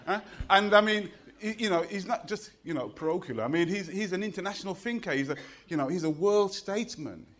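A middle-aged man with a Birmingham Jamaican accent, telling jokes and stories and reciting poetry on stage in an animated, rhythmic way. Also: high voice, a little fast, few pauses, slight background noise. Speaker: poet and performer. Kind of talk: live storytelling and poetry performance.

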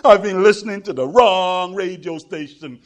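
High-voiced British man performing poetry live. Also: moderate pace. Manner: rhythmic, chanting delivery with playful crowd banter. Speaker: performance poet. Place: live venue with an audience.

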